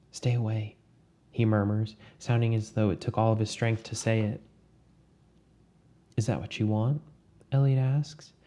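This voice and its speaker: A man narrating a fiction story in a steady, measured reading. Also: lowish voice.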